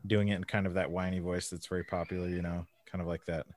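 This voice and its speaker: A man's voice: low voice, level tone, quick pace, a little mellow, slight background noise. A middle-aged man co-hosting a podcast, chatting casually and joking, laughing often. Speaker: podcast co-host. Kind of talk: casual chat.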